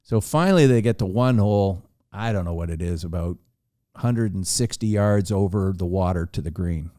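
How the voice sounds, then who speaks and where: Male storyteller, low mellow voice, dry close sound, animated when quoting others. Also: moderate pace, no echo. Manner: animated storyteller acting out dialogue. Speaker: podcast guest storyteller. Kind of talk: casual anecdote telling.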